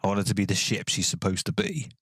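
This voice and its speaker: Male gaming host, low-pitched, loose rambling comic delivery, mutters counts under breath. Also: animated, quick pace, a bit bright, slightly rough, dry recording, clean studio sound. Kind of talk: casual gaming commentary.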